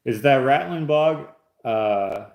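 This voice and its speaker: A man's voice: medium pitch, lively intonation, slow pace, gravelly, darkish tone. A man hosting a casual livestream, reading chat aloud and opening gifts in an easygoing, joking way. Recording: roomy echo.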